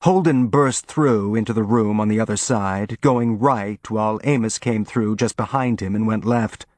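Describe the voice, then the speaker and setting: A man narrating an audiobook in an even, measured reading. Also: on the low side, dry recording.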